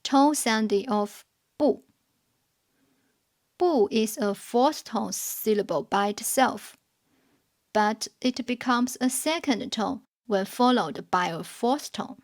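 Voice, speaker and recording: A woman with a fairly high voice reads a beginner lesson. She explains each rule slowly, pausing between examples. Her delivery stays measured and carefully enunciated. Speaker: language teacher. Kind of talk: slow scripted lesson narration.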